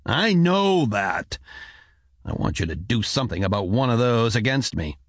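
A man's voice: medium pitch, sing-song, normal speed, no echo. A man doing a cold, commanding ruler. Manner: curt, commanding. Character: stern ruler, middle-aged man, cold and demanding.

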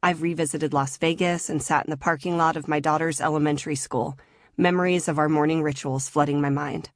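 Low-voiced woman reading her memoir. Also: steady tone, brisk, no echo, studio quality. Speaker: author narrating her memoir. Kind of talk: audiobook memoir narration.

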